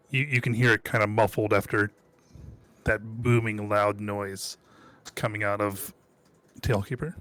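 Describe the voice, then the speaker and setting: A man's voice: lowish voice, fairly bright tone, clear, resonant tone, dry recording. A man narrating as dungeon master for a tabletop game stream, in a loose, rambling way. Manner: rambling, many fillers and restarts.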